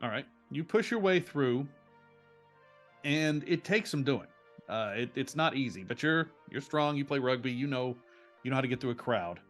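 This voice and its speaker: A man narrating as game master of a tabletop role-play game, telling the scene in an animated way with frequent restarts. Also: mid-range voice, normal speed, soft background music.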